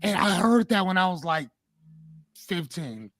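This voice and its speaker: A man's voice: high-pitched, unhurried, no echo. A man in his forties, co-hosting a podcast in casual chat, telling a fable loosely with small hesitations. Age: 40s. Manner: relaxed storyteller, paraphrasing a fable with hesitations. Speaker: podcast co-host.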